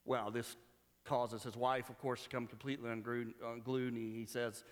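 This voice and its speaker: A man preaching a sermon in a church, retelling a story with quoted dialogue and halting restarts. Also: mid-range voice, little pitch movement, long reverb tail. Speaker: pastor.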